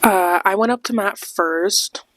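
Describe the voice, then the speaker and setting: A woman's voice: mid-range voice, unhurried, a bit bright. Casual swearing young woman podcaster. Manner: rambling, swears a lot, acts out quoted voices. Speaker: podcast host. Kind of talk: casual storytime monologue.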